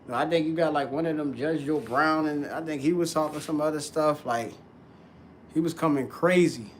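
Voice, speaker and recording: A man's voice: on the high side, normal speed, slight background noise. A man hosting a live stream, giving loose, slangy, rambling commentary. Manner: loose slangy talk, laughs often.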